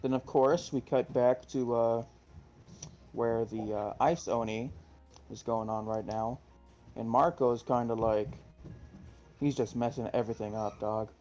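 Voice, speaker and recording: A man co-hosting a podcast in a relaxed way, hesitating as he recaps a comic. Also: medium pitch, a little slow, pauses often, soft background music. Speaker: podcast co-host. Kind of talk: casual chat, recapping a comic. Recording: dull lo-fi sound.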